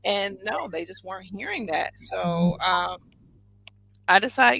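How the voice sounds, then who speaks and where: A woman guest telling a story on a podcast in a casual, animated, emphatic way, laughing often. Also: medium pitch, unhurried, vocal fry, a little hiss or hum, rough recording.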